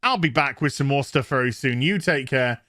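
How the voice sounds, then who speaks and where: Male reviewer, bright edgy tone, furious sarcastic rant. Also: mid-range voice, animated, moderate pace, no echo, studio quality. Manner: angry, sweary, sarcastic ranting. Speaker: YouTube reviewer. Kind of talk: ranting review vlog.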